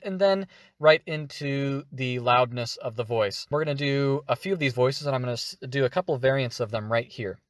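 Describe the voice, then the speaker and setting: A man teaching voice acting in a relaxed, explanatory way, with frequent fillers. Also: medium pitch, dry recording. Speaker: voice acting tutor. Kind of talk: casual tutorial.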